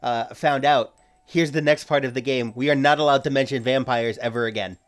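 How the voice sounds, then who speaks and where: A man's voice: medium pitch, fairly even intonation, fairly quick, soft background music. A man on a comedy podcast, playfully running an improv game in a mock-formal way. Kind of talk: casual comedic improv chat.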